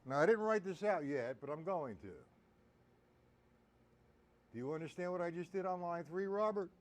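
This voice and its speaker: A man's voice: high-pitched, moderate pace. A man giving a live-streamed drum lesson, explaining accents and counting beats aloud. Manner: counts beats aloud loudly over drumming. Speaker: drum teacher. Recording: loud drum music under voice. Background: drums playing.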